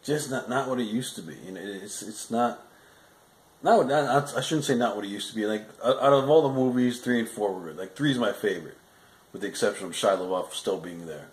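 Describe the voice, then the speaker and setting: A man's voice: lowish voice, brisk, roomy sound, poor audio. A man giving a casual, rambling spoken movie review, often restarting sentences and adding frustrated asides.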